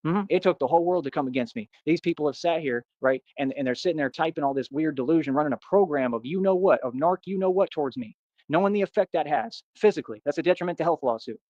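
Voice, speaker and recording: A man's voice: fairly high pitch, fast, darkish tone, dry recording, dull audio. A man livestreaming and answering his chat in a boastful, combative rant. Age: adult. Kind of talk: ranting live stream.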